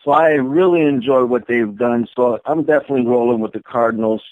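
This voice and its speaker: A man's voice: mid-range voice, fairly quick, slight background noise. A man from Minnesota calling in to a sports show, easygoing with frequent restarts. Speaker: caller. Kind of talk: phone call-in chat. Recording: tinny dry phone line.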